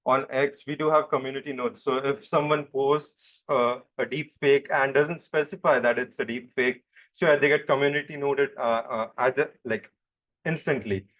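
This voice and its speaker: A young man answering interview questions in a relaxed, explanatory way, often stopping and restarting. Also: mid-range voice. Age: young adult. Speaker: interview guest. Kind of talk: casual chat. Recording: dull lo-fi microphone.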